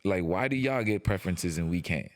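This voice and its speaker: A man co-hosting a podcast, talking in loose, slangy casual chat, animated and prone to stumbling over his first words. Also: low-pitched, a little fast, no room sound, clean studio sound. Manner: animated, slangy, repeats words when starting a point. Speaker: podcast co-host.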